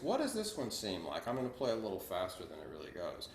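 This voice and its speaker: A man's voice: on the low side, wildly swooping pitch, fast talker, vocal fry, roomy sound, very noisy. Man counting beats as piano teacher. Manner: counts beats aloud, asks students questions. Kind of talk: online music lesson. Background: piano playing.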